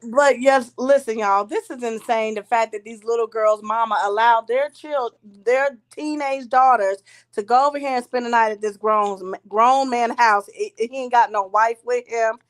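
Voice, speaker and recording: A woman's voice: a little high, fairly even intonation, moderate pace. A woman hosting a live online commentary stream, talking casually and animatedly with co-hosts, swearing freely and greeting people joining.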